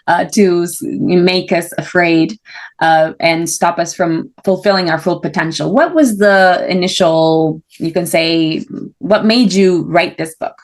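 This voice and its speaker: A woman hosting an interview, asking long, winding questions. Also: lowish voice. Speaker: interview host.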